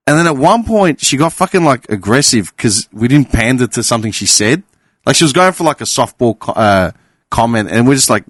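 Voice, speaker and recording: A man's voice: mid-range voice, brisk, no echo. A man telling a sweary story on a casual podcast. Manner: swearing, animated anecdote-telling. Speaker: podcast panelist.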